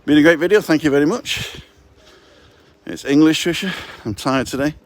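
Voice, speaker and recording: A man who has a cold chats and jokes through a live-stream as he walks around a residential complex outdoors, speaking into a handheld phone. His voice sits a little high and he talks at a normal speed.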